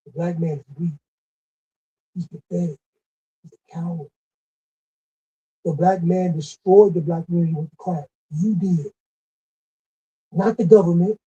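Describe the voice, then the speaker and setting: A man's voice: a little high, steady tone, measured pace, pauses often, warm tone, breathy edge. A man delivering a scolding, repetitive commentary rant with emphatic stresses. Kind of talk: ranting monologue. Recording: dull lo-fi recording.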